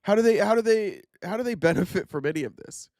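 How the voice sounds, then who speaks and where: A man's voice: fast talker, no echo, clean studio sound. Sarcastic stuffed-up man hosting a livestream. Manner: sarcastic, animated, pitch jumps up when indignant. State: stuffed up from a sinus infection. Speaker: political commentary host. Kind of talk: casual livestream commentary. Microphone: livestream camera setup.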